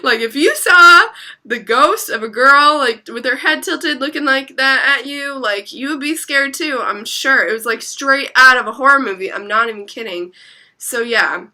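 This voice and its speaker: A woman's voice: sits high, normal speed, bright, forceful tone. A young woman telling a story in a casual vlog, chatty, packed with filler words and casual swearing. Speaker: vlogger.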